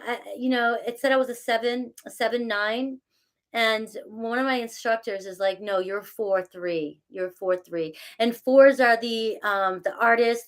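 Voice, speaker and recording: Middle-aged woman, fairly high-pitched, chatty tarot reader thanking viewers by name. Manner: chatty and self-mocking, reads out viewer names, laughs often. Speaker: tarot reader talking to live chat. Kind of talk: casual live-stream chat.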